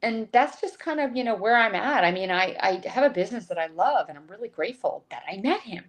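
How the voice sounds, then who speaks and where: A woman's voice: mid-range voice, expressive, brisk. A woman who is a podcast guest, telling an emotional personal story with many restarts over a video call. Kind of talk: conversational storytelling.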